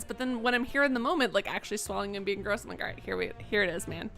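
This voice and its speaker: Young woman, higher-pitched voice, casual rambling streamer chat, frank and profane, desk mic, soft game music underneath. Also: steady tone, rapid-fire, hardly any pauses. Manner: candid, rambling, swears freely. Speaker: livestreamer. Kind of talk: casual live-stream chat while gaming. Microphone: desk microphone.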